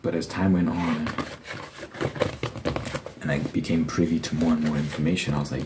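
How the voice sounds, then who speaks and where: A man's voice: extremely low pitch, level tone, moderate pace, long pauses. A young man hosting an ASMR channel, chatting in a rambling, opinionated and profane way. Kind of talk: casual ASMR chat. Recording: loud background noise and clicks.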